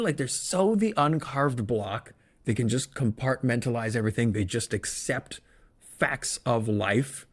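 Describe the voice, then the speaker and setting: A man's voice: medium pitch, measured pace, breathy edge. A man hosting a solo good-news podcast, chatting casually and wandering into joking, self-interrupting asides. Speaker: podcast host.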